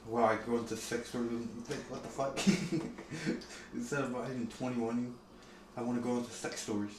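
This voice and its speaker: A man's voice: medium pitch, fairly even intonation, normal speed. Young male co-host, casual rambling storyteller, roomy distant sound. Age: young adult. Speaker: podcast co-host. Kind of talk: casual chat. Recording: echoey room, distant mic, clear background noise.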